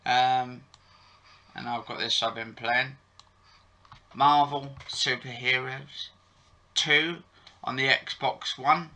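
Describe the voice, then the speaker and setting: Very bright-toned, slow-talking man vlogger. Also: medium pitch, fairly even intonation. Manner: rambling, with many fillers and self-corrections. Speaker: YouTube vlogger reviewing soap episodes. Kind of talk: casual chat to camera.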